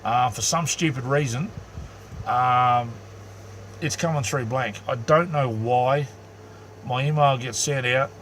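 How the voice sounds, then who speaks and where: Casting: Australian bloke, mid-pitch, straight-talking live-streamer, faint hum behind. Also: male voice, slow, long pauses, a bit bright. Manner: blunt, rambling, lots of ums. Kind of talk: casual live-stream chat.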